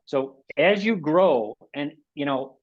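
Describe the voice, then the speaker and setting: A man's voice: on the high side, animated, takes it slowly, lo-fi sound. A man in his sixties from the United States presents a webinar in casual, rambling talk, often repeating and restarting words. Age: 60s.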